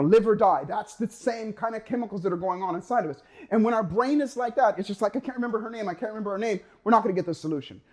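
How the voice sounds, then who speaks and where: A man giving a motivational talk, energetic and emphatic, acting out the voice of a worried mind and stretching key words for effect. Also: high voice. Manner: energetic, acts out inner voices, drawn-out emphasis. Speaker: motivational speaker.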